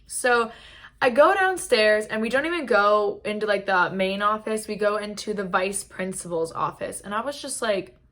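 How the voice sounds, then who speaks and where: A young woman with a very bright, sharp voice telling a casual storytime. She talks in a loose, chatty way, filling her sentences with "like." She is recorded on a camera mic indoors at home. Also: medium pitch, moderate pace. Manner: chatty, heavy use of "like". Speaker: vlogger.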